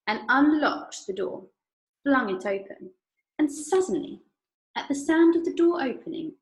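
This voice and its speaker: Lively English woman reading aloud. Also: high-pitched, roomy sound. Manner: lively, expressive. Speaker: primary school teacher. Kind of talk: reading a story aloud to children.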